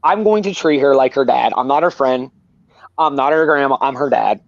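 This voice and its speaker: A man's voice: mid-range voice, normal speed, gravelly, no room sound, muffled recording. A man talking candidly and earnestly as a guest, rambling and repeating himself. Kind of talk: candid personal talk.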